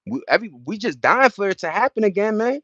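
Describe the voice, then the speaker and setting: A man's voice: high voice, big pitch swings, fast talker, a bit bright, dry recording. A young man hosting a casual chat, rambling in slang with many restarts. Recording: dull dry lo-fi sound.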